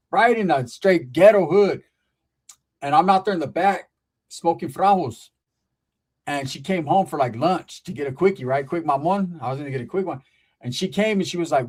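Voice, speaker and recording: A man hosting a casual podcast chat, from Northern California, telling loose, profane stories in street slang. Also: on the high side. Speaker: podcast host. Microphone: streaming setup.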